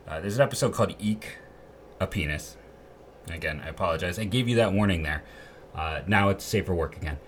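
A man's voice: low-pitched, a bit bright, a little hiss or hum. A man hosting a sports podcast, talking casually in a rambling, candid way with lots of fillers and restarts. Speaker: podcast host.

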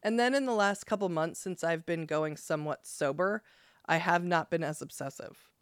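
Smooth-voiced woman podcast co-host. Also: on the low side, no echo, clean studio sound. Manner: emphatic, swearing, quick asides. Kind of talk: casual chat.

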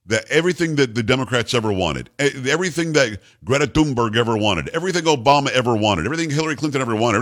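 A male talk radio host speaking in an emphatic, ranting monologue. His voice sits mid-range but swings widely with lively intonation, punching out rhetorical questions and demands. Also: medium pitch.

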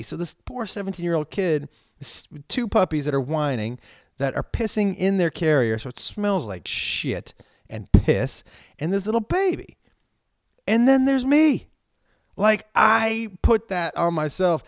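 A comedian telling stories in casual chat, swearing often and ranting with animation. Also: male voice, fairly high pitch, dry recording, studio quality. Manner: profane, animated storytelling rants.

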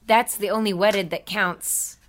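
A woman's voice: medium pitch, fairly even intonation, unhurried. Woman player, dry wit, casual chat.

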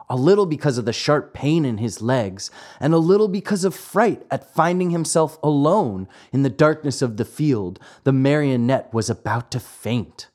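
A man narrating a classic fairy tale as host, measured and expressive. His pitch moves animatedly through the telling. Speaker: host and reader. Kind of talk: storybook narration.

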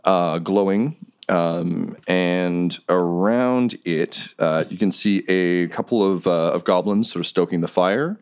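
A man's voice: low-pitched, takes it slowly, clear, resonant tone. A man narrating a tabletop game as game master, in loose narration full of ums and uhs.

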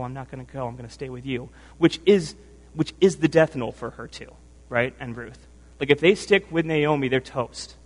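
At medium pitch, a male preacher addresses a church hall, his voice carrying long reverb. He comes across earnest and emotional, somewhat tired from lack of sleep, and he often restarts phrases while checking in with "right?".

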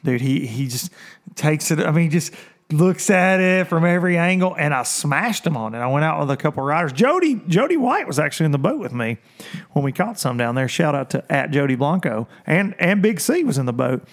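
A man's voice: fairly high pitch, brisk. A man hosting a casual fishing talk show, telling stories with lots of laughter and putting on voices for the people he quotes. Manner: animated storyteller, laughs often, quotes others in voices. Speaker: podcast host. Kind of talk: casual storytelling chat.

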